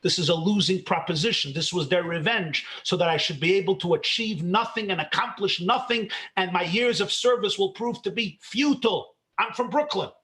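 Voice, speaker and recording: A man's voice: high voice, normal speed, few pauses, a bit bright. A man quoting a hurt and upset congresswoman in an aggrieved, emphatic way while telling a story.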